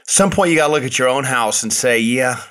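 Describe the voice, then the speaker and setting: A man's voice: mid-range voice, brisk, pushed and bright, smooth. A man hosting his own podcast, delivering an indignant political monologue, repeating words for emphasis. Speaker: podcast host.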